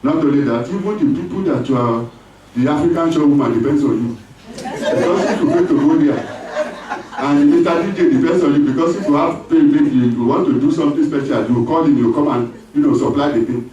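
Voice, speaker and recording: A man preaching a sermon as pastor, lively, with call-and-response and acted voices. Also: on the high side, fairly quick, lo-fi sound, crowd noise. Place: church hall. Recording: echoey church hall from far off.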